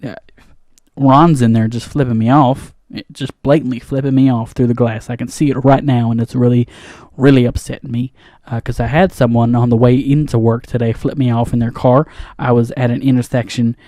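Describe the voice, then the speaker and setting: A man's voice: mid-range voice, level tone, a little fast, mellow, no room sound. A man hosting a comedy podcast, ranting in a flustered, rambling monologue full of restarts, recorded in a studio booth on a studio microphone. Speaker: comedy podcast host playing a janitor.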